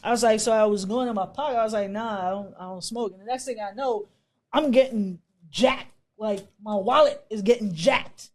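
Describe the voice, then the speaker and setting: A woman from Bermuda, a podcast co-host telling a story in casual chat, animated and swearing freely as she laughs. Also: fairly high pitch, moderate pace.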